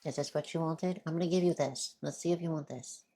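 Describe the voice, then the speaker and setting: A woman's voice: low voice, steady tone, brisk, dark tone. A woman streamer chatting casually through a game, talking while she eats. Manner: chatty, talks while eating. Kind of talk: casual let's-play chat.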